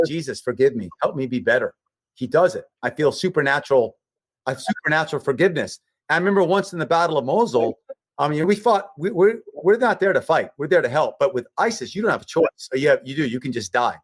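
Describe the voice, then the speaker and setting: Earnest guy on a call, kinda high voice, dry sound, repeats himself for emphasis. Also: expressive, fairly quick, no echo. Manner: earnest, repetitive emphatic phrasing. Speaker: guest, humanitarian relief leader. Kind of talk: emotional personal storytelling.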